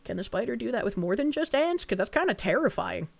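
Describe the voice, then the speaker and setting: High, lively woman streamer. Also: gravelly. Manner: excitable, profane, quick reactions with frequent laughs. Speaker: VTuber streamer. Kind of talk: casual live-stream chat reading donations.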